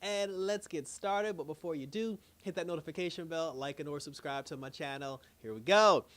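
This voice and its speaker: A man talks through an episode like he is telling a friend about it. His voice sits a bit high for a man. He is slangy and chatty, and laughter keeps slipping into his recap. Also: normal speed, fairly bright tone. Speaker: TV review host. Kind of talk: casual spoken recap.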